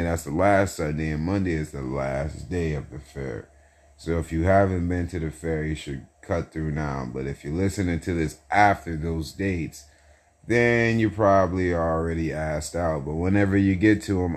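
A young man hosting a solo podcast in a casual, rambling monologue, repeating phrases and chanting hype lines with slang. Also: low voice. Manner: repetitive, hype chanting, self-talk with slang. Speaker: podcast host.

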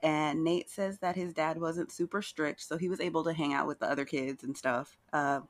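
Casual recap host, animated storytelling, playful asides, middle pitch. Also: normal speed. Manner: chatty, animated retelling with playful asides and acted-out quotes. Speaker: podcast co-host recapping a reality show.

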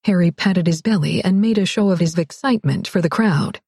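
Warm, wry woman narrator. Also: fairly low pitch, brisk, husky, no echo, clean studio sound. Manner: wry, expressive romance reading. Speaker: audiobook narrator. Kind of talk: scripted narration.

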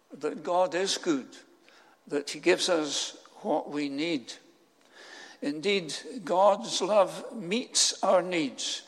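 A man preaching a sermon, telling a story with slow, solemn pauses. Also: on the high side, long reverb tail.

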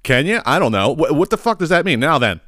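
A man's voice: a little high, very animated, quick pace, fairly bright tone, no room sound, studio quality, faint music behind. A man, hosting a comedic solo rant, swearing and exasperated. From Philadelphia area. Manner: profane, exasperated ranting with chuckles. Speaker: podcast host.

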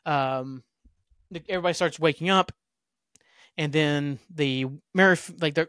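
A man's voice: fairly high pitch, moderate pace, long pauses, pushed and bright, smooth, no echo, studio quality. A young man hosting a podcast, casually recapping a TV episode with rambling, offhand asides. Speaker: podcast host.

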